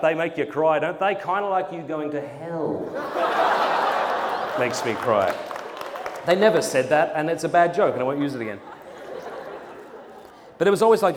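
In a large conference hall with reverb and faint noise, a young man from South Australia tells funny stories at medium pitch. He talks fairly quickly but pauses often, acting out quotes and laughing as he entertains the audience.

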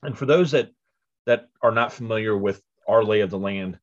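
Lower male co-host on a dull line. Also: normal speed. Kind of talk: casual podcast chat.

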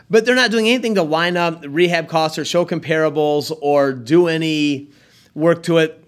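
A man's voice: on the high side, lively intonation, moderate pace. Chatty man hosting a podcast. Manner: chatty, joking, steers the conversation. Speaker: podcast host. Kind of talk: casual podcast chat.

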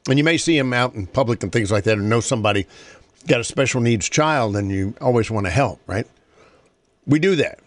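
A man's voice: medium pitch, expressive, brisk, no echo. A man hosting a talk show, reading a moving story aloud and then chatting earnestly about helping caregivers. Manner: earnest, conversational.

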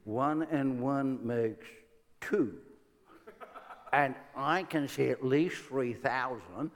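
An unbothered old prophet, amused and unhurried, as a preacher puts him on. He speaks low and relaxed, and the sound rings with a long hall reverb. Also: slight background noise. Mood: calm. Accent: Irish. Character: calm older prophet, unbothered, gently amused.

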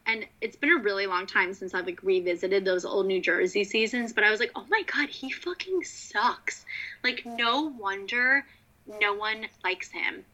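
A woman talking casually as a podcast co-host, rambling with plenty of likes and the odd curse. Her tone is very bright. The recording is dull and lo-fi. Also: medium pitch, fairly even intonation, normal speed. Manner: chatty, swearing, fillers of like. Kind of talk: casual chat.

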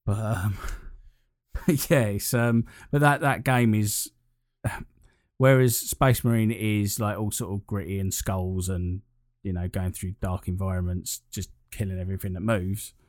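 A man talks through a casual gaming chat in a lowish voice, rambling and restarting his sentences as he gets enthusiastic. The sound is dry and close, with no room around it. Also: steady tone, unhurried, darkish tone, no room sound.

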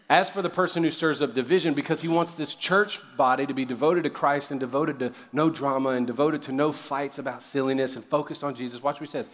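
Joking pastor preaching in a reverberant hall. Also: male voice, mid-range voice. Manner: joking, conversational preaching with sudden loud emphasis. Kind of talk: sermon. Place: church auditorium.

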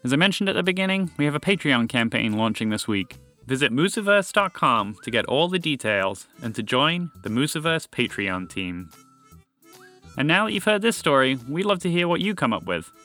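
A man hosting a story podcast, reading scripted storytelling narration in a friendly, expressive way. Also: mid-range voice.

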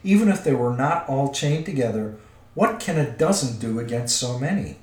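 A man's voice: mid-range voice, animated, moderate pace, a little mellow, close to an everyday voice. A man voicing a polite, crafty old male wizard, coaxing and careful, in a roomy recording. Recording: roomy echo.

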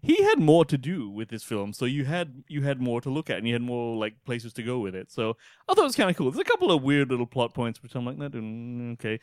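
Animated, swearing man on a film podcast. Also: medium pitch, quick pace, few pauses, no room sound, studio quality. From Australia. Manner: animated, swears freely, laughs often. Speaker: podcast co-host. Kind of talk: casual film podcast chat.

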